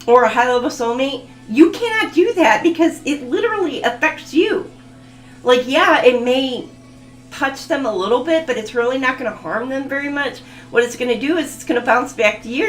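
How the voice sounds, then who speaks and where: A woman with a drawl and a fairly high voice gives a casual live tarot reading. She talks bluntly, swears freely and keeps breaking into laughter. The room is echoey, with soft music underneath. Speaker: tarot reader.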